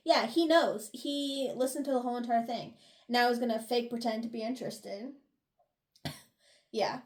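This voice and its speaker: Woman podcast co-host, high bright voice, chatty, animated recap of a novel. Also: normal speed. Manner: animated recapping, swears and laughs. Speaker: book review podcast co-host. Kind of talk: casual chat.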